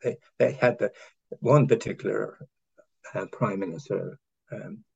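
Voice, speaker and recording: An older man from Ireland, a former honorary consul, telling long anecdotes in a halting way, with many restarts and chuckles. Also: fairly low pitch, vocal fry, mellow, husky, dull audio. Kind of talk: rambling anecdotal conversation.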